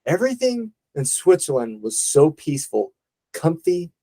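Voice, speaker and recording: A man's voice: a little high, very animated, moderate pace, warm tone. A young man chatting casually with his mother, rambling through memories and laughing easily. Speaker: son. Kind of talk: casual family chat.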